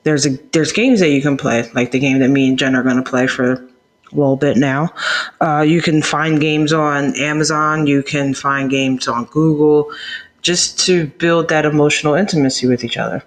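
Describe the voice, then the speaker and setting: A man's voice: fairly high pitch, fairly even intonation, normal speed. A young man co-hosting a relationship podcast with his partner, chatting casually and teasing her with easy laughs. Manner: joking, teasing, laughs easily. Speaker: podcast co-host. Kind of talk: casual couple's podcast chat.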